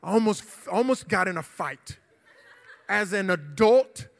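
A man, preaching a youth sermon and telling a story with energetic, shouted bursts. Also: sits high, slow pace, vocal fry, slight background noise. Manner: animated, shouting during the retold confrontation. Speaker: youth pastor. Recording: hall reverb.

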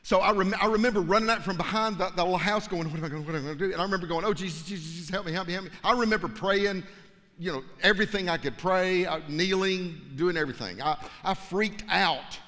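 Bright-voiced pastor telling a story in a reverberant hall. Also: male voice, sits high, fast talker. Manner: dramatic storyteller, drops to hushed tones then rises to fervent preaching. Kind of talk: sermon storytelling.

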